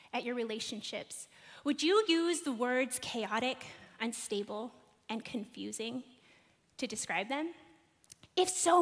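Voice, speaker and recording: A woman in her thirties preaching a sermon, telling a personal story and asking the congregation questions with animated delivery. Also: high voice. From United States. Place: large church hall. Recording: long hall reverb.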